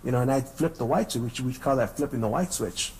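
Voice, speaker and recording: A podcast host from Southern California tells stories casually and profanely, restarting often. He talks fast at medium pitch with a darkish tone, and the low-quality recording has slight background noise.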